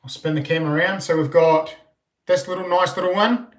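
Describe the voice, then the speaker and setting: A man with a New Zealand accent chats loosely through a live stream, his voice sitting a little high. He rambles and restarts, filling the gaps with ums. The sound rings in a roomy, echoing space. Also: fairly even intonation, brisk. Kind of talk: casual live-stream chat.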